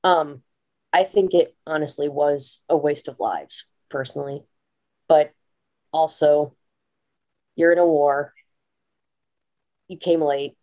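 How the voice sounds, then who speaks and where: A tired American woman giving a measured, reflective opinion in a casual panel debate. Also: low-pitched, fairly even intonation, mellow. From United States. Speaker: panel guest.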